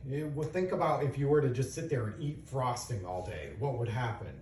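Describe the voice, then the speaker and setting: A man's voice: mid-range voice, lively intonation, fairly quick, a little mellow, distant mic, slight background noise. Dad lecturing his kids in an echoey room. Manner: earnest, explaining with examples and questions. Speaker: father talking to his children.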